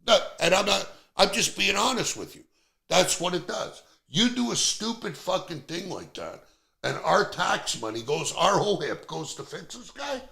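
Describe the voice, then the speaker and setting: A blunt, foul-mouthed man in middle age, talking with a gravelly rasp. His voice is bright and forceful, swinging all over in pitch as he rants through a casual podcast chat. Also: big pitch swings, normal speed. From Canada. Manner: blunt, profane, ranting. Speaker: podcast host.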